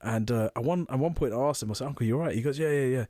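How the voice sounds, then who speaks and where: A man co-hosting a podcast, telling animated stories and laughing often. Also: medium pitch, very fast, no room sound, studio quality. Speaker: podcast co-host. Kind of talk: casual chat.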